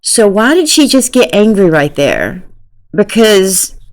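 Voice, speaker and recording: Woman commentator, casual and emphatic, slow delivery, wide pitch swings. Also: big pitch swings. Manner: exasperated, incredulous, emphatic. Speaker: true crime commentator. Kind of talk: casual commentary reacting to a clip.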